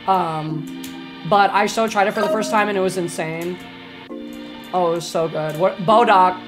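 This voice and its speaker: A woman's voice: on the low side, moderate pace. A young woman live-streaming a game, chatting with her chat, a little tipsy, swearing and shrieking when startled. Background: game music.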